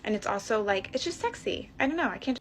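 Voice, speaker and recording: A woman's voice: on the high side, expressive, fast talker, breathy edge. A woman giving playful dating tips in a chatty way, with many fillers, in a played clip. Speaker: dating advice creator. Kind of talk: casual advice clip.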